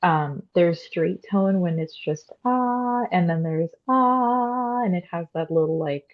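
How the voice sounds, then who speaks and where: A woman's voice: low-pitched, steady tone, normal speed, muffled recording. Young woman explaining singing, lots of fillers. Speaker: podcast guest, classically trained soprano. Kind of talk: casual interview chat.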